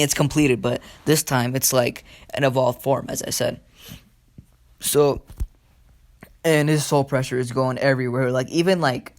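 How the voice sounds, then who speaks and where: A young man casually retelling a fan story, rambling with lots of fillers and swearing. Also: medium pitch.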